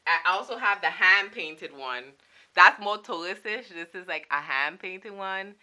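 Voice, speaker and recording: A young woman from Saint Martin, vlogging about her souvenir collection, chats in a playful, casual way and laughs as she goes. Her voice is lowish, bright and forceful, animated but a little slow.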